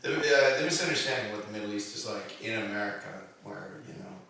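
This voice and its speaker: A man in casual comedic chat as co-host, halting with fillers and laughing at his own jokes. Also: lowish voice, expressive, creaky, pushed and bright, a little hiss or hum. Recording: echoey room, distant mic.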